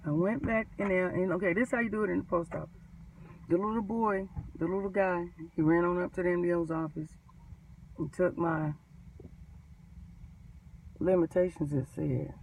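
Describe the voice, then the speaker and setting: A woman, a postal mail handler, telling her story in an animated, emphatic vlog rant. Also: lowish voice, normal speed, gravelly, long pauses, recorded from a distance, a little hiss or hum, poor audio.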